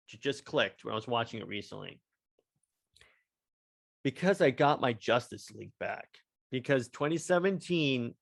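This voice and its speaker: Young adult man, podcast host, excited, rambling, stammered restarts, mid-pitched voice. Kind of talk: solo podcast review.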